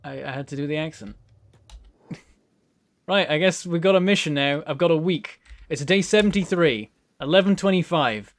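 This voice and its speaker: A man's voice: on the high side, normal speed. A man hosting a let's play, giving rambling, self-mocking gameplay commentary and chuckling often.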